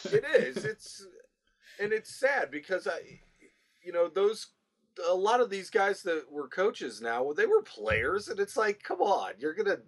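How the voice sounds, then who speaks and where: A man co-hosting a podcast in casual chat, animated and emphatic. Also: high voice, a little slow, breathy edge. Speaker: podcast co-host.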